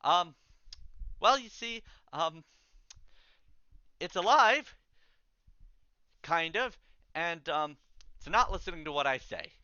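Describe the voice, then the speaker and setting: A man's voice: fairly high pitch, sing-song, moderate pace, hardly any pauses, pushed and bright, no room sound, muffled recording, voice pushed up, full character voice. Man putting on a frantic, stammering young necromancer. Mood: nervous. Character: panicky young male student necromancer.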